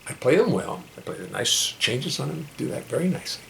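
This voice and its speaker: A man, a singer and bassist, chatting wryly and rambling between songs in his home studio. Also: very animated, a little fast, creaky, pushed and bright, slight background noise. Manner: rambling, wry, self-deprecating asides. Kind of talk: live-streamed studio chat and song. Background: his own bass and guitar playing.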